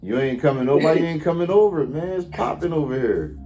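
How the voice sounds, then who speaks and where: A man's voice: a little high, lively intonation, fast talker, mellow, faint music behind. A man hosting a casual podcast, bantering with callers in a joking, profane, teasing way. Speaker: podcast host. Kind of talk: casual live-stream chat with callers.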